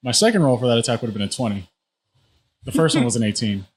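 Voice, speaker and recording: A man's voice: mid-range voice, expressive, fast, a little hiss or hum. A man narrating a tabletop game as game master, describing scenes and rules in a casual way with plenty of fillers.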